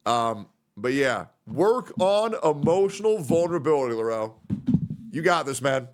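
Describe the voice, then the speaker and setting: A man's voice: big pitch swings, unhurried. Man, 30s, streamer; casual, rambling, emotional. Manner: rambling, emotional, puts on high voices when quoting friends.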